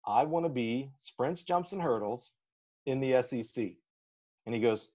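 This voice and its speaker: A man from Alabama, a track and field coach, telling animated, folksy stories in a podcast interview and acting out the lines he quotes. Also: medium pitch, a little slow. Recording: slightly dull lo-fi audio.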